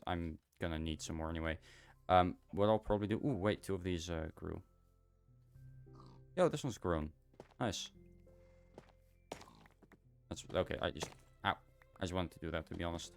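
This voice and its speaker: A young man with a deep voice chatting casually and a bit tiredly to himself while streaming a game. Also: moderate pace, pauses often, soft background music. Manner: rambling, self-talking, tired. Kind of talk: casual gaming livestream chat.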